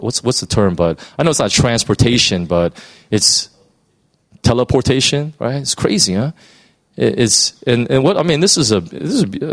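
A man preaching a sermon in a conversational, storytelling way, with frequent restarts and fillers. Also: mid-range voice.

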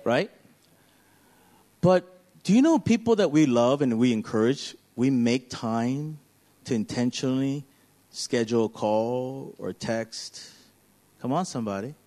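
A man, a pastor, preaching an animated sermon that swings from loud, emphatic passages to hushed, quiet ones. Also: mid-range voice, unhurried, pauses often.

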